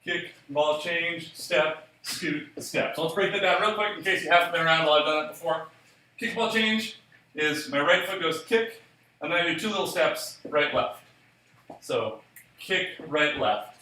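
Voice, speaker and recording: A man's voice: fairly high pitch, moderate pace, bright, forceful tone, far from the mic, slight background noise. A man teaching a solo jazz dance class, counting beats and calling steps aloud while he demonstrates. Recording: echoey room, voice from off the mic.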